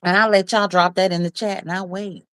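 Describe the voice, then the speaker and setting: A woman with a medium-pitched voice, recorded with no room sound, hosts a casual livestream. She reads viewers' comments aloud, teases them, and laughs often.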